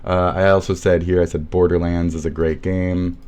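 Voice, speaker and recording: A man's voice: sits low, level tone, moderate pace, darkish tone, smooth. Abrasive, foul-mouthed Midwestern man ranting. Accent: American Midwest. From Midwest USA. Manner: abrasive, sarcastic, mocking, swears constantly. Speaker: streamer. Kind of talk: profane ranting livestream commentary.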